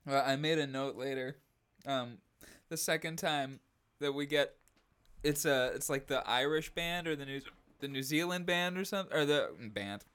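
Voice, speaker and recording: A man's voice: a little high, normal speed, fairly bright tone, smooth. A man co-hosting a podcast in casual chat, rambling and breaking into laughter, with the hiccups. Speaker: podcast co-host.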